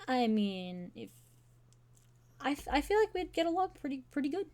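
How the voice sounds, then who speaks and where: A woman's voice: sits high, big pitch swings, moderate pace, a little mellow, pitched above the performer's own voice. A woman voicing a shy, insecure young man who stammers and gushes as he fawns over someone. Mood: flustered. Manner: stammering, gushing.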